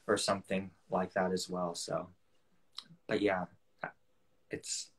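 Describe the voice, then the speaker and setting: A young man, an actor guest, chatting casually on a video call interview, soft-spoken and hesitant, often restarting his sentences. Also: low voice, monotone, slow pace, breathy edge.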